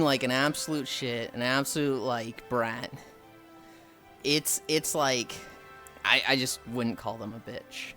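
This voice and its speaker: A woman streamer chatting casually with friends and her chat, telling stories with lively quoted voices. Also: low-pitched. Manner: animated storytelling, acts out quoted people.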